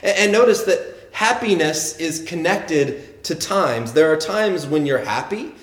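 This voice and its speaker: A man's voice: a little high, reverberant. A man preaching a sermon earnestly, often repeating words as he builds his points and reading quotes with emphasis. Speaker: pastor.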